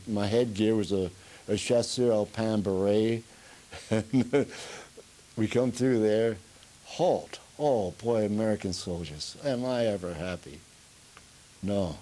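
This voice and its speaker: A man's voice: on the low side, warm tone, rough recording. An older man in an oral history interview, a rambling storyteller who chuckles as he goes, with a Pennsylvania Dutch accent. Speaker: veteran being interviewed.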